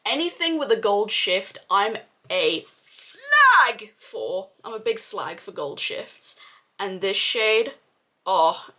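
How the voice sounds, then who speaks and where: A woman's voice: mid-range voice, very animated, measured pace, a bit bright. A young woman doing a casual makeup review, gushing and exclaiming with casual swearing. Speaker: beauty vlogger.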